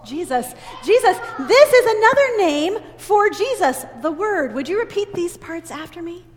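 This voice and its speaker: Woman, high voice, animated teacherly children's-sermon leader; long church-hall reverb. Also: moderate pace. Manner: animated, teacherly, call-and-repeat. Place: church sanctuary. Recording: long reverb in a big church hall, faint ambient noise.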